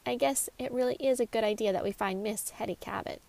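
A chirpy, probing grandmother sleuth from a storybook mystery, as a woman reads her part. Her voice sits a little high with a gravelly edge, and she questions people in brisk bursts. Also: dark tone. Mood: cheerful. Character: warm, cheerful grandmother amateur sleuth.

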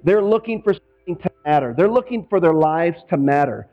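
Chatty pastor guy from northwest indiana preaching, kinda high voice, muffled lo-fi sound. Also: expressive, fairly quick. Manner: conversational, acts out quoted voices. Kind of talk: sermon.

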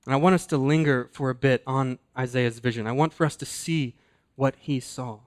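Man, pastor, mid-pitched voice, earnest sermon delivery, slows and hushes for emphasis. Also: steady tone.

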